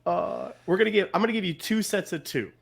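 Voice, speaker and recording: A man's voice: high-pitched, quick pace, gravelly, crowd noise. A man co-hosting a casual sports podcast, talking emphatically and repeating points for stress. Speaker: podcast co-host.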